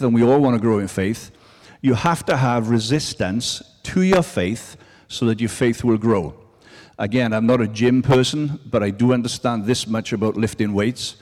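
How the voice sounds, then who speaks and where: A man's voice: mid-range voice, a little mellow. A male preacher giving a sermon to a congregation in a conversational style, lifting his voice to stress key phrases. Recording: long reverb of a large hall.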